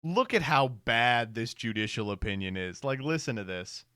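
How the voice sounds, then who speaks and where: Lively, sarcastic male streamer. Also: medium pitch, normal speed, smooth, no echo, studio quality. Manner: sarcastic, laughs often, reads text aloud. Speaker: streamer reacting to posts. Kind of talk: casual stream commentary.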